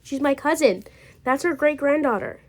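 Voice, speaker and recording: A woman's voice: high voice, normal speed, darkish tone, voice pushed up, lightly acted. A woman voicing an anxious young wife and new mother who rambles and corrects herself, in an amateur role-play drama. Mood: explaining. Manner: rambling, trailing off, self-correcting.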